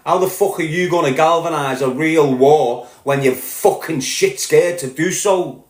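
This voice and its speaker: A man with a Liverpool accent delivering a heated, profane solo rant as a podcast host, growing louder as he goes. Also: on the high side, a little slow, few pauses, reverberant. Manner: heated, sweary, rising to shouting. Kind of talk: angry monologue rant.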